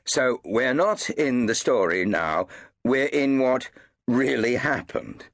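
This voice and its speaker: A tired, dry-witted police chief, as a male reader puts him on, trying to keep witnesses to the facts. His lines come warningly and with measured patience, pitched above the reader's plain voice. Close and dry audiobook sound. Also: sing-song, a bit bright, no room sound, heavily acted. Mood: dry, weary. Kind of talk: audiobook character voice.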